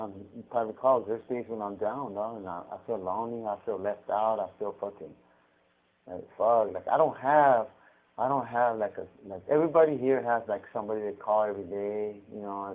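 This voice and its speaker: A man telling stories over a prison phone call, profane and rambling with frequent restarts. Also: fairly low pitch. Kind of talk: casual storytelling on a phone call. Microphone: prison payphone handset. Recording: tinny prison phone line.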